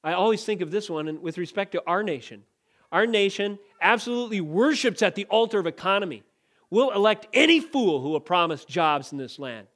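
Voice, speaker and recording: High-voiced man preaching with emphatic force. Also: expressive, brisk. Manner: emphatic preaching, rising to loud declarations. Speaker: pastor. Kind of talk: sermon.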